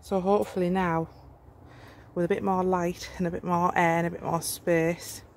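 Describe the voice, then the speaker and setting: Excitable gardener, chatty and exclaiming. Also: mid-range voice, normal speed, a little hiss or hum. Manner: chatty, exclamatory, easily amazed. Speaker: home gardener vlogger. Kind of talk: casual vlog walkthrough. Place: inside a warm garden polytunnel.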